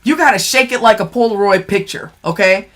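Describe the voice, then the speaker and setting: A woman's voice: medium pitch, a little fast, fairly bright tone. A woman giving a casual makeup product review, blunt and profane, who keeps checking in with "okay?". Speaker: beauty vlogger.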